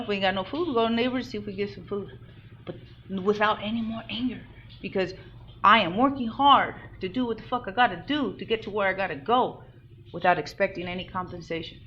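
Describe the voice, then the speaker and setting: A woman in a raw personal monologue, blunt and emphatic with heavy swearing, at times rising to loud outbursts. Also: mid-range voice, expressive, fast. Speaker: vlogger sharing personal growth. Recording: dull lo-fi recording with faint background noise.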